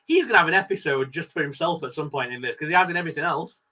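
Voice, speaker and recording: A man co-hosting a casual live stream, talking excitedly and laughing often. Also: fairly high pitch, rapid-fire, crowd noise. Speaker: co-host.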